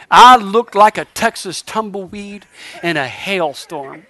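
A middle-aged man preaching a revival sermon, telling a lively story and building to shouted exhortation. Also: high voice, slow pace, dry recording.

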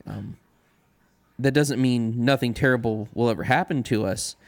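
A man in casual religious discussion, speaking earnestly and pausing often with fillers. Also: medium pitch. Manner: earnest, halting with many ums.

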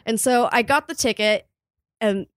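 A young woman chatting casually about her work as a makeup artist, animated when telling stories. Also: on the high side, normal speed, no echo, clean studio sound. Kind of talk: casual podcast chat.

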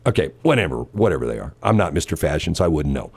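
A man's voice: rumbling low, big pitch swings, fast, vocal fry, darkish tone, breathy edge. A man hosting a casual chat, telling a long story in a rambling way with many fillers and restarts.

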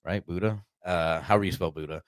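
A man's voice: low voice, fast talker, clear, resonant tone, no room sound. A man from Arkansas telling a rambling, profane story in a casual podcast chat, acting out the voices of the people he quotes. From Arkansas, United States.

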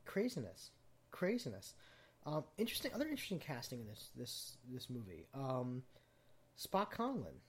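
A man's voice: mid-range voice, wildly swooping pitch, normal speed, husky. A man hosting a podcast, chatting casually about a film and piling on cast trivia with plenty of ums. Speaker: podcast host. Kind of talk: casual movie chat.

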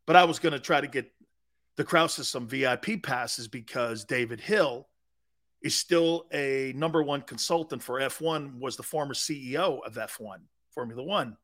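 A man's voice: medium pitch, moderate pace, a bit bright. A man hosting a live sports talk show, telling a long, rambling anecdote in a casual way.

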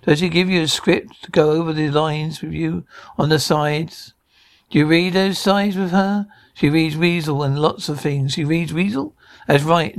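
A man's voice: fairly high pitch, lightly acted. An actor playing an irritable middle-aged man who squabbles in sitcom dialogue, stammering and restarting. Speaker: sitcom character.

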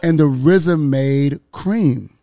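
Animated man telling stories. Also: fairly high pitch, drawn-out words, a little hiss or hum. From Houston, Texas. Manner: animated, profane storytelling with many repeats. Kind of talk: casual chat.

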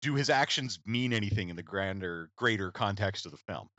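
A man's voice: lowish voice, animated, fairly quick, bright, forceful tone, highs cut off. A man co-hosting a podcast, chatting about a movie with sarcastic humor and quizzing the other hosts. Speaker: podcast co-host. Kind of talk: casual comedic movie chat.

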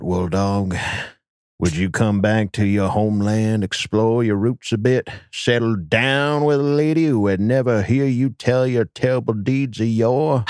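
A man putting on a creepy, slow, folksy storyteller drawl to read out a listener's question. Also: on the low side, a little mellow, dry recording, studio quality. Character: creepy drawling old-time male storyteller. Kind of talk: dramatic reading.

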